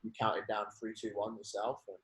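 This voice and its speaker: A man's voice: lowish voice, completely flat delivery, a little fast, fairly bright tone, poor audio. A man who is a guest on a podcast, explaining things loosely with lots of fillers in a casual chat.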